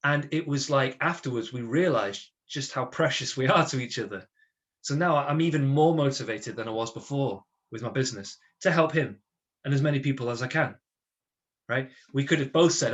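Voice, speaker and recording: An energetic man leads a motivational webinar at a middling pitch. He talks in a chatty way and keeps checking in with his listeners with tag questions. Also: normal speed. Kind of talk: lively talk to an online audience.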